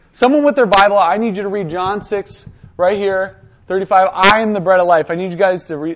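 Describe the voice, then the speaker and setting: An energetic man leads a high school Bible lesson, urging students to stand and read. His voice sits fairly high, and the recording sounds a little dull. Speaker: teacher.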